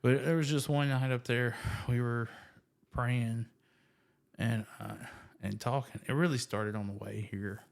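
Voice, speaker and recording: A man shares his faith story with friends in casual storytelling. His delivery is animated and self-deprecating, and he leans heavily on fillers as he talks. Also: mid-range voice, a little slow, creaky. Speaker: guest sharing testimony.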